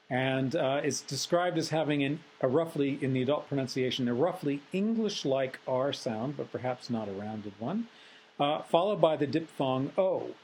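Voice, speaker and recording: A man giving a recorded phonetics lecture in a measured, analytical way, pausing often on filler sounds. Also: mid-range voice, a little mellow, a little hiss or hum, low-quality recording.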